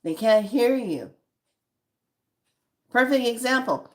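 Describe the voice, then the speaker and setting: A woman's voice: medium pitch, unhurried, pauses often. A woman giving spiritual guidance in an emphatic, conversational way, addressing her listeners directly as honey. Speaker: spiritual guide.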